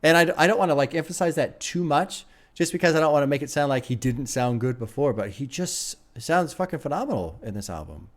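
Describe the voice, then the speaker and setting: A man's voice: on the high side, lively intonation, brisk, few pauses. A man hosting an album reaction, enthusiastic and laughing often, swearing freely as he talks. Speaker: music reaction host. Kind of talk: casual album reaction commentary.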